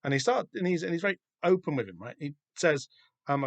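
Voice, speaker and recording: A man with a Southern English accent hosting a podcast, chatting casually and excitedly about a comic, swearing freely and rambling with lots of fillers. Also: a little high, brisk, creaky, dry recording. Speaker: podcast host. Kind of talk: casual comic book discussion.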